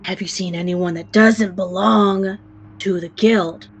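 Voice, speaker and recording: A rough, gruff dwarf guard in heavy armor, short on patience and barking his questions, as a woman game master puts him on. The delivery is slow and deliberate, with the growl of a man who is fed up. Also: sits high, steady tone, dull audio, slight background noise. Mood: impatient.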